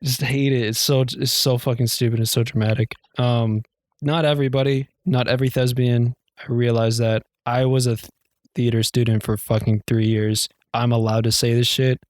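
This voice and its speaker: A young man in his twenties talks in a rambling, profane way, often poking fun at himself. His voice sits at a middle pitch and sounds close and dry. He slips into high, shrill impressions of dramatic girls. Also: little pitch movement, normal speed, dry recording. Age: young adult. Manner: rambling, profane, self-mocking. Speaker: podcast co-host. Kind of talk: casual chat.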